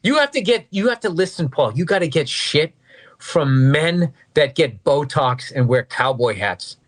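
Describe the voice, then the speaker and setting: A man with a fairly high voice chats casually about football. He rants in bursts and peppers his talk with profanity and sarcasm. He works as a podcast co-host. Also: lively intonation, unhurried. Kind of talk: casual sports chat.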